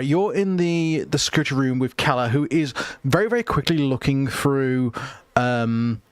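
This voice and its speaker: A man running a tabletop role-playing game online, narrating in a relaxed way with many fillers. His voice sits at an ordinary pitch and sounds close and dry. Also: dry recording. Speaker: game master.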